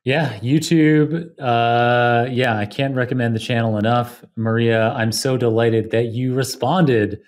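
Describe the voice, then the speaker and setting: A man hosting a podcast interview, appreciative and measured as he thanks his guest and asks questions. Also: medium pitch, steady tone. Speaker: podcast host.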